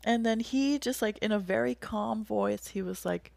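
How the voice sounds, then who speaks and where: A woman's voice: mid-range voice, moderate pace, gravelly, few pauses, a little mellow, no echo. A young woman telling a personal story in casual conversation, candid and emotional, often laughing as she speaks.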